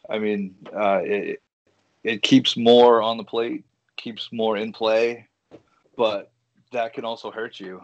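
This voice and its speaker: A man's voice: lowish voice, fairly even intonation, takes it slowly, dull audio. A man appearing as a guest on a casual podcast, answering in a laid-back, considered way.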